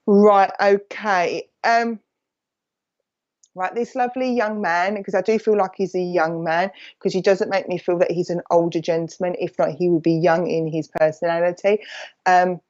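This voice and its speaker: Essex woman psychic medium, warm chatty rambler who bounces between thoughts, live stream with slightly dull lo-fi sound. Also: lowish voice, fairly even intonation, normal speed. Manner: chatty and affectionate, calls people "my lovely".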